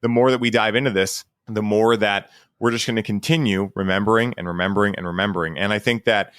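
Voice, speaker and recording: A man's voice: fairly low pitch, fairly even intonation, fast, fairly bright tone, no room sound, studio quality. A man hosting a podcast in a laid-back, slangy way, acting out quotes as he tells stories. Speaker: podcast host. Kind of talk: casual podcast chat.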